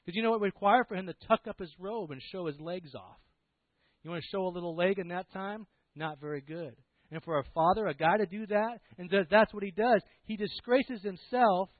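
A man's voice: high voice, a little fast, no echo. A man preaching a sermon emphatically, full of rhetorical questions. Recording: tinny, dry, phone-like sound.

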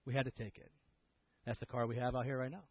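A man's voice: medium pitch, level tone, fast talker, no echo. A pastor telling a personal story in a sermon, then urging his listeners to receive the gift he preaches about. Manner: storytelling, then earnest gospel appeal. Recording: tinny phone-like sound.

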